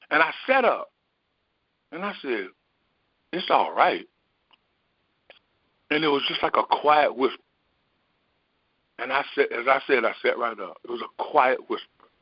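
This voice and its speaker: A man in the role of a spiritual teacher, telling a personal story in an unhurried, meandering way, often pausing on fillers. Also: mid-range voice, no echo. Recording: dry, dull lo-fi recording.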